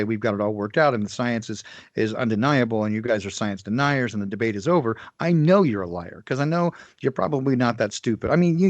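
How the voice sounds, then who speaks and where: A man talking in a casual podcast conversation, halting and full of fillers and restarts. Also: on the low side, no room sound. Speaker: podcast guest. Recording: dry, dull lo-fi sound.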